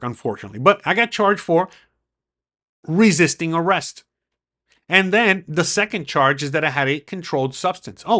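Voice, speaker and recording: Man, vlogger, casual storytelling to camera, excitable, curses a lot, bright voice. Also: fairly high pitch. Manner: excitable, swearing, acts out the quoted dialogue.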